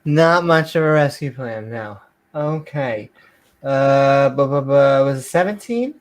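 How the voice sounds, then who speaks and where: A man's voice: mid-range voice, lively intonation, a little slow. A man hosting a comedy show, reading old scripture aloud in a mock-grand voice and mocking it. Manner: sarcastic, reads archaic verses in a mock-grand voice. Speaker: host.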